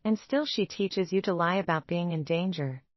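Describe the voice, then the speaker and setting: A woman's voice: on the low side, normal speed, no echo, highs cut off, lightly acted. A woman reading a cold, scornful wolf alpha man. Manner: icy and harsh.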